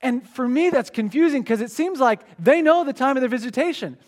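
A man with a very high voice preaching a lively sermon. He reads scripture slowly, then breaks into casual, energetic retelling, voicing the crowds himself. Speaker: pastor.

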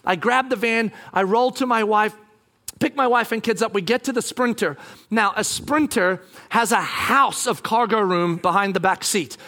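A middle-aged male pastor tells a family story from the pulpit, joking as he goes and slipping into other people's voices. His voice sits high for a man. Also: normal speed. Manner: animated, jokey, acts out voices. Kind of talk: sermon storytelling.

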